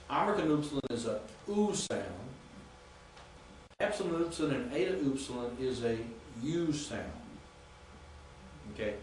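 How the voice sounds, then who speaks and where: Male professor, methodical lecture delivery, distant mic in a reverberant classroom. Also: mid-range voice. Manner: patient, methodical, repeats pronunciations slowly. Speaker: Greek professor. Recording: echoey classroom from far off with faint noise.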